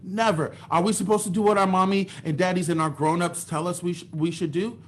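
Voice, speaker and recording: Man playing a stern mother, scolding, rhetorical questions, slightly high voice. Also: fairly even intonation, brisk, a little hiss or hum, lightly acted.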